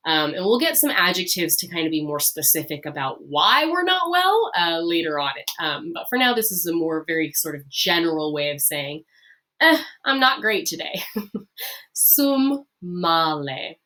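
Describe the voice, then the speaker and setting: Animated woman teacher, slow repeats. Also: lowish voice. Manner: friendly, upbeat, lots of fillers, repeats phrases slowly. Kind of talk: recorded lesson.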